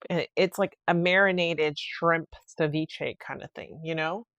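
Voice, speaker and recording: A woman's voice: low-pitched, measured pace, no room sound, dull audio. Chatty woman rambling on a podcast. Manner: rambling, animated retelling with many fillers and restarts. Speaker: podcast host. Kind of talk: casual solo podcast storytelling.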